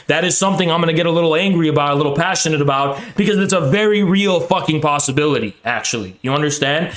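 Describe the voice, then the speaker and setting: A man's voice: a little high, roomy sound. A young man hosting a political livestream, ranting heatedly with lots of profanity and sarcastic mockery.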